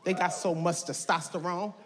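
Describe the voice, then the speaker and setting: A woman, doing stand-up and shouting brashly at the audience. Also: fairly low pitch, fairly even intonation, normal speed. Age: 50s. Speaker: stand-up comedian. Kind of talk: stand-up comedy. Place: large live comedy venue. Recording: echoey hall, roaring live crowd, noisy.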